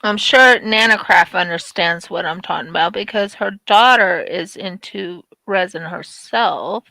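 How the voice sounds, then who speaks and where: A woman's voice: on the low side, measured pace, creaky, pushed and bright, no echo, rough recording. A woman hosting a craft live stream, tearful and apologetic, talking through her work. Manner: emotional, apologetic, perfectionist. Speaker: craft channel host. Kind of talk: casual live-stream chat while crafting.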